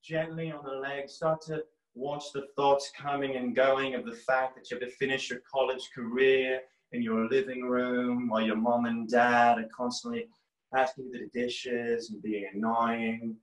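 A man impersonating a calm male meditation guide, speaking slowly and gently. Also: medium pitch, reverberant, pitched below the performer's own voice, natural voice, rough recording. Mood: soothing. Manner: slow, gentle, drawn-out guided meditation delivery.

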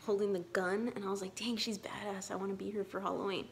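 A woman's voice: medium pitch, little pitch movement, fast talker. A young woman vlogger chatting casually and giggling as she wraps up a video. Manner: giggly, upbeat sign-off. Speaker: vlogger host. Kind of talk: casual vlog chat. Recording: crowd noise behind.

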